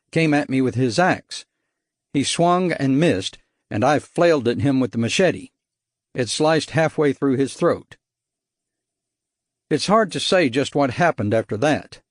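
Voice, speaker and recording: A man narrating an adventure audiobook in the first person with lively storytelling. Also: mid-range voice, no echo, clean studio sound. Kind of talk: scripted narration.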